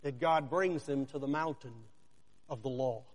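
A man preaching a sermon, deliberate and emphatic, with long dramatic pauses and rhetorical questions aimed at the listener. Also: medium pitch. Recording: long hall reverb.

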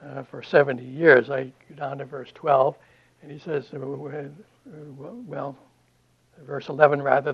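A man giving a classroom Bible lecture, halting often with fillers and restarts. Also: medium pitch, little pitch movement, gravelly, slightly rough. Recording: dull lo-fi lecture recording.

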